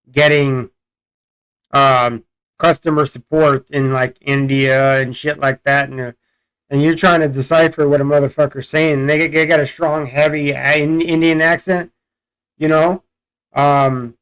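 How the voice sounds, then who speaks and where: A man's voice: mid-range voice, flat delivery, a little slow, fairly bright tone, clear, resonant tone, low-quality recording. An American man hosting a reaction video, talking in a blunt, profane, rambling way as casual commentary. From United States.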